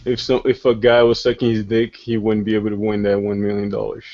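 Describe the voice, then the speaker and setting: A man's voice: fairly low pitch, completely flat delivery, fairly quick, dark tone. A man chatting casually in a group voice chat, teasing and making crude jokes. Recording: dull lo-fi online voice chat.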